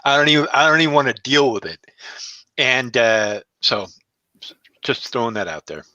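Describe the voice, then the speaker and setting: A man with a bright, forceful voice, thinking aloud in a group chat and acting out little scenes as he goes. His mic sounds dry and a little dull. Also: mid-range voice, normal speed, no room sound. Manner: reflective, lively, acts out scenes. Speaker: non-Christian panelist. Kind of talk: casual panel chat.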